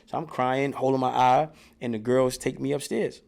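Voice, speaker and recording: A man guest in an interview, telling profane, animated stories from his childhood and getting loud when reenacting scenes. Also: medium pitch, moderate pace, vocal fry. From New York. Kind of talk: casual storytelling in an interview.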